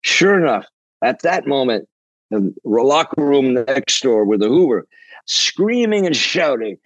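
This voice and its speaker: An older man from Canada, a rock drummer, telling rambling, animated, profane stories in an interview. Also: mid-range voice, unhurried, dry recording, muffled recording. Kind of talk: storytelling interview.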